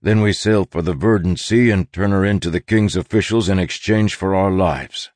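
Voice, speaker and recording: Man doing a resolute grown man, low voice, firm, dry sound. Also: moderate pace, a little mellow, no echo, natural voice. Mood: planning.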